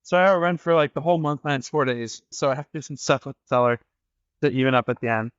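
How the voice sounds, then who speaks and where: A man's voice: mid-range voice, fairly even intonation, fast talker, smooth, no room sound, muffled recording. A man hosting a podcast in a casual monologue, a little out of breath, rambling and restarting his sentences. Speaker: podcast host.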